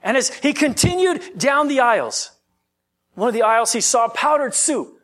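High-voiced, animated male preacher. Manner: reads scripture slowly, then preaches conversationally with restarts. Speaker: pastor. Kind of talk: sermon.

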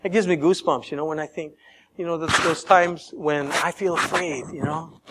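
A man preaching a sermon, animated and laughing often, leading the congregation in call-and-response. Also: fairly high pitch, normal speed, heavy background noise.

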